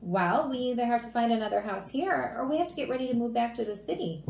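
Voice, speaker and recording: A woman's voice: fairly high pitch, quick pace, vocal fry, darkish tone. A woman voicing a caring mother in a storybook reading, firm and earnest. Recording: roomy echo.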